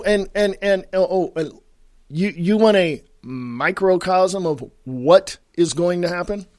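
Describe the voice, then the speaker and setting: A man's voice: high-pitched, no echo, studio quality. A man from California hosting a political talk radio show, ranting angrily and swearing. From California, USA. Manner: angry, shouting, profane.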